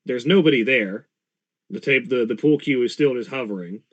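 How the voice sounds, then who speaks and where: A man running a tabletop game as game master, narrating in a relaxed, easygoing way. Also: medium pitch, moderate pace, muffled recording.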